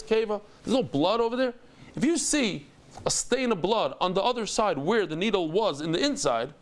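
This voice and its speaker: A man over fifty teaching a Talmud lesson, telling stories and acting out the dialogue with exclamations. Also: high-pitched.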